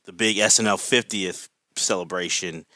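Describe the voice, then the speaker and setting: Enthusiastic rambling man, bright dry voice. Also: low voice, moderate pace, no room sound. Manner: enthusiastic, rambling with many fillers. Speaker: podcast guest. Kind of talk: casual podcast chat.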